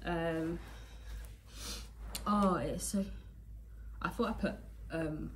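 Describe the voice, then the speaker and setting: A woman's voice: on the low side, drawn-out words, long pauses, a little hiss or hum. A young woman, stuffy-nosed from the cold, rambling chattily to camera in a vlog, full of fillers and "guys". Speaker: vlogger. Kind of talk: casual chat to camera. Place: home, indoors, small rooms.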